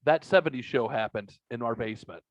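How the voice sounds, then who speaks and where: There's no room sound as a man with a mid-range voice, talking a little fast, hosts his podcast and tells a lengthy, profane story. His retelling is casual, rambling and animated, captured in dry, dull lo-fi audio.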